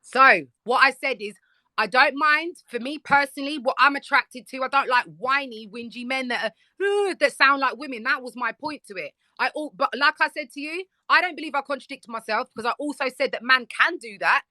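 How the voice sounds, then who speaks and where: A woman argues her point hard in a live debate. Her voice sits fairly high and sounds bright and sharp. The sound is dry and close. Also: brisk, no room sound. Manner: insistent, interrupts and talks over the other speaker. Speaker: guest debating on a live stream. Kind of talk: heated argumentative debate.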